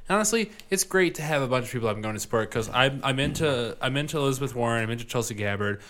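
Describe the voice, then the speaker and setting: A man's voice: mid-range voice, animated, very fast, fairly bright tone. A man with a Midwestern accent chatting casually, hesitant and full of ums. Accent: Midwestern American. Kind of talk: casual chat.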